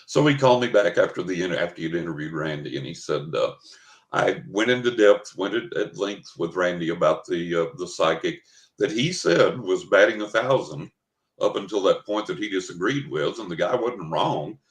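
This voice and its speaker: Older man, low-pitched voice, psychic guest, casual storytelling, echoey room. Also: moderate pace. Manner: animated anecdote-telling, acting out quoted dialogue. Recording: roomy echo.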